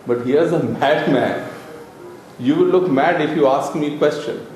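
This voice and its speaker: A man giving a casual, playful spiritual talk, laughing and clearing his throat often. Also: a little high, unhurried, darkish tone, slight background noise. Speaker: spiritual teacher. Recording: very echoey room with music behind. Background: music.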